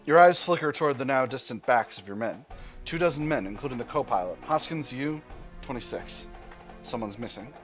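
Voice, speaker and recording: A man at a mid-range pitch hosts a gameplay video, reading narration and musing aloud over each move. He often stops and restarts his sentences as he thinks. Soft music plays behind him. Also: animated, a little fast. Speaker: gaming channel host. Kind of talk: let's play commentary, reading game text aloud.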